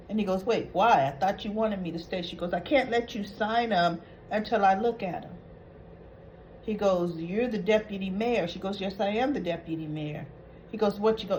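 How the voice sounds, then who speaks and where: A woman's voice: mid-range voice, a little mellow, slight background noise, rough recording. A woman hosting a soap opera recap, retelling scenes in a chatty, opinionated way.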